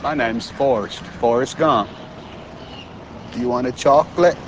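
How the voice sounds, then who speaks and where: A man playing Forrest Gump, slow Alabama drawl. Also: medium pitch, lo-fi sound, a little hiss or hum, natural voice. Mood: earnest. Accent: Alabama Southern. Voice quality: upspeak, every line lifting like a question. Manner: slow, earnest and friendly. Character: simple-hearted gentle Southern man, slow and sincere. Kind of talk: film acting.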